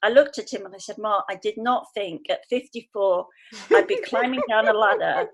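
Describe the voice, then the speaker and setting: A woman in her fifties from England, a podcast guest telling an animated story and acting out the voices she quotes. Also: medium pitch, normal speed. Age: 50s. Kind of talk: conversational podcast interview.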